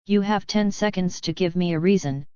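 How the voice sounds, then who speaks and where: Woman voicing a laid-back male mechanic, dry and unflappable, lowish clear voice, dull lo-fi sound. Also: moderate pace, a little mellow, no echo, close to an everyday voice.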